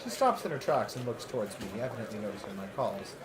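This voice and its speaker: A man's voice: lowish voice, very animated, fast, a crowd in the background. A man streaming a visual novel playthrough, reading the narration aloud with joking asides. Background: game music.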